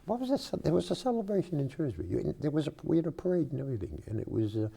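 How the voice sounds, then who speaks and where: An older man from South Boston, Massachusetts, with a Boston accent, hosts a local cable show and chats casually. His voice is slightly high, gravelly and a bit rough, and he talks rapid-fire, spinning animated, rambling stories packed with fillers.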